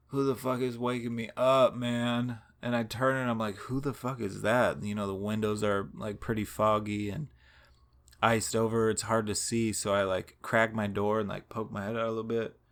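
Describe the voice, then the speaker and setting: A man's voice: fairly low pitch, fairly bright tone, a little hiss or hum. A man telling a long story in a casual, rambling and profane way, laughing now and then.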